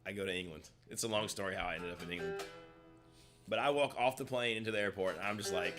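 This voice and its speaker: A man co-hosting a live stream in laid-back, rambling chat that often trails off quietly. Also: on the low side, quick pace, music in the background. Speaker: co-host of a guitar shop live stream. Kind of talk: casual chat.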